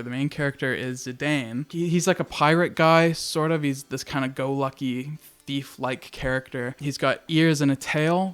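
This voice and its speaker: Excitable man with a smooth voice. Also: mid-range voice. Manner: excitable, chatty, swears casually. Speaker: video essay host. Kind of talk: casual game review commentary.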